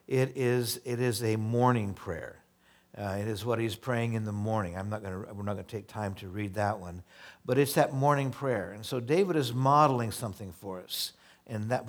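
A pastor delivering a sermon in a relaxed, talky way. He slows right down to read the verses aloud, then explains them in plain everyday words, doubling back on phrases as he thinks. His voice sits at an ordinary male pitch. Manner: reads scripture slowly, then explains in casual asides; conversational, repeats words and restarts.

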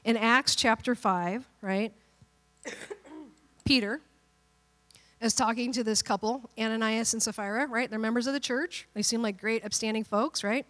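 A woman's voice: a little high, measured pace, long pauses, a bit bright. Chatty woman pastor preaching in a hall. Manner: chatty, keeps checking in with "right?". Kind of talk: Bible-teaching sermon. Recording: long hall reverb.

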